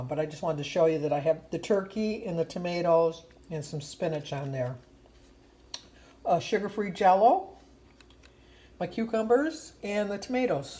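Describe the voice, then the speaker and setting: A woman's voice: on the low side, dark tone, low-quality recording. A woman chatting casually in a diary vlog at home, rambling and chatty with plenty of fillers. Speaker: vlogger.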